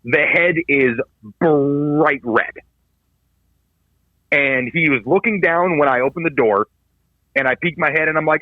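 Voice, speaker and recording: A man's voice: a little high, a little slow, no echo. A man in his thirties, a podcast co-host telling a story in casual chat, swearing often and acting out what others said. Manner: animated storyteller, swears a lot, acts out quoted voices. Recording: dull lo-fi podcast audio, dry.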